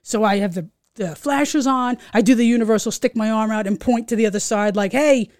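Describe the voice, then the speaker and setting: A middle-aged woman, co-hosting a podcast and telling a story in casual chat, animated, swearing and acting out voices. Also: on the high side, brisk, no room sound, clean studio sound. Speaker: podcast co-host.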